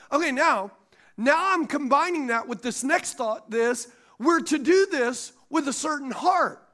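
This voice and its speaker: A man preaching a sermon as pastor, calling out questions to the congregation and laughing at his own stories. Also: very high voice. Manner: animated preaching with call-and-response questions to the congregation.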